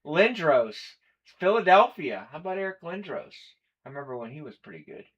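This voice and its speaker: A man's voice: a little high, very animated, brisk, husky, highs cut off. A man hosting a live collectibles stream, chatting casually and running through a list of players and teams. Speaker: stream host. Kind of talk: live breaking stream chat.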